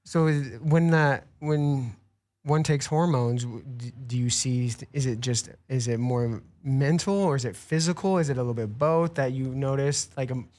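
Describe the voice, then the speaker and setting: A man's voice: medium pitch, a little mellow. A man hosting a podcast interview, supportive, often summing up what his guest says. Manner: supportive, quick to back-channel and sum up. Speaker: podcast host. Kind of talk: casual interview chat.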